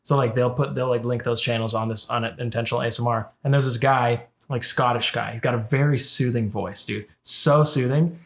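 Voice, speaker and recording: A man's voice: mid-range voice, fairly even intonation. Laid-back, cursing young man. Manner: laid-back, swears a lot, quick reactions. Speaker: podcast co-host. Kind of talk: casual chat. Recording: echoey room.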